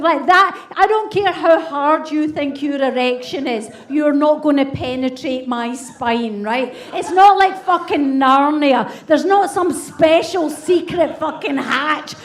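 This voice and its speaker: A woman's voice: high voice, reverberant, distant mic. A woman in her fifties, a comedy host doing crude, brash stand-up and teasing the crowd. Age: 50s. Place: comedy club stage with audience.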